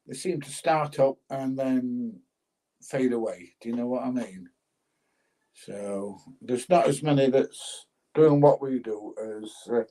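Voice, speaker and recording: A man's voice: mid-range voice, mellow, poor audio. An older man casually chatting on a livestream, reading out viewer comments and laughing as he goes. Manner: chatty, laughs often, plain-spoken. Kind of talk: casual chat.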